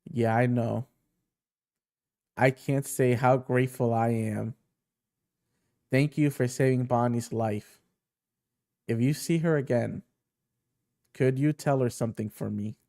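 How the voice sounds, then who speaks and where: A man voicing a huge, gentle male warrior, reading his lines aloud softly and earnestly from a comic. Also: mid-range voice, fairly even intonation, slow pace, long pauses, dry recording, clean studio sound. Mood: tender.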